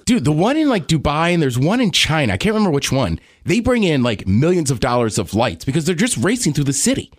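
A man's voice: on the high side, sing-song, fast, hardly any pauses, no room sound, clean studio sound. A man co-hosting a podcast, chatting casually and eagerly about sports and racing. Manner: enthusiastic, nerdy about racing. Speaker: podcast co-host.

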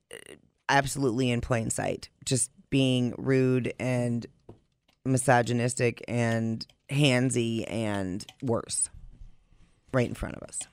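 Smooth-voiced man reading news, dry sound. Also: medium pitch, no echo. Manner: reads reports then adds blunt asides. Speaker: podcast co-host. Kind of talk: casual chat, reading news aloud.

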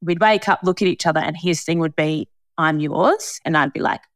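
A young Australian woman hosts a podcast, chatting casually as she tells a story, swearing freely and laughing often. Her voice is low with fairly even intonation and a fast pace, captured in a dry, clean studio recording.

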